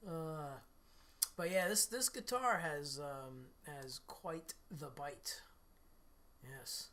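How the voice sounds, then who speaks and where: A middle-aged man, slightly hoarse from losing his voice, hosts a livestream and chats in a relaxed, rambling way with viewers between guitar playing. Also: fairly high pitch, very slow. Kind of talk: casual chat with live viewers.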